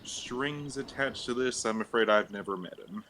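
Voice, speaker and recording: A man's voice: mid-range voice, moderate pace, sharp tone, slight background noise. A man playing his character in a tabletop game, speaking in a polite, courteous way. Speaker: player. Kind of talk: in-character tabletop role-play.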